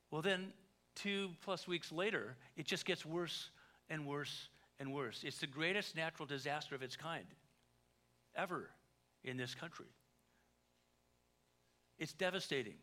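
A man, a pastor, preaching a sermon in a conversational way, with joking asides and big swings between quiet and loud. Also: fairly high pitch, moderate pace, pauses often.

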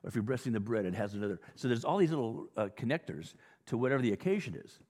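Man, pastor, conversational sermon, mid-pitched voice, long church reverb. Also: rapid-fire. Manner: conversational, animated teaching with restarts.

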